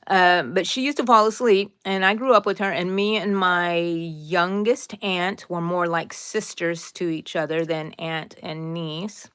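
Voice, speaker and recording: A woman's voice: lowish voice, fairly even intonation, a little slow, few pauses, fairly bright tone, clear, resonant tone, no echo, clean studio sound. A middle-aged woman hosting a casual live crochet tutorial, chatting, drifting into side stories, and answering viewers by name.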